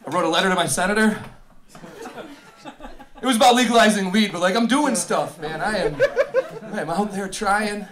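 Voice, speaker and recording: A man in his thirties working a comedy crowd with a notably high voice. He rattles through loose, self-mocking bits, swearing freely as he spins each story. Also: fairly quick, long pauses, fairly bright tone. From Buffalo, New York. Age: 30s. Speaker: stand-up comedian. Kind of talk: stand-up comedy set. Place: comedy venue with live audience.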